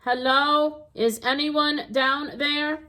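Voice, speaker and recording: A woman reading a storybook aloud, voicing a calm, polite female robot who speaks in a measured, formal way. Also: high-pitched, pitched above the performer's own voice, full character voice.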